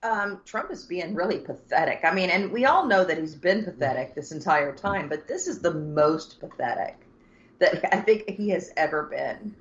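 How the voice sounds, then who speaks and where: A woman's voice: lowish voice, lively intonation, moderate pace. A woman co-hosting a podcast, talking politics in a blunt, exasperated way and swearing freely. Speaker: podcast co-host. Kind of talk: casual political chat. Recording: dull lo-fi sound.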